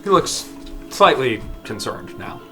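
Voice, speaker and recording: A man narrating as dungeon master, describing scenes in a halting way with many fillers. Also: mid-range voice, very animated, a bit bright, soft background music. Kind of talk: narrating a tabletop game.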